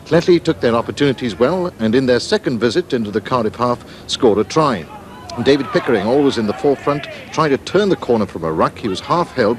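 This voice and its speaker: A man narrating a scripted rugby match report in a measured, formal way. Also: medium pitch. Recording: match footage with loud crowd noise. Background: stadium crowd.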